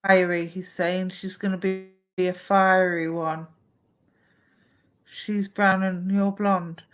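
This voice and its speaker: A woman's voice: on the low side, level tone, takes it slowly, smooth. A woman, giving chatty live psychic readings on a stream and relaying messages to a sitter.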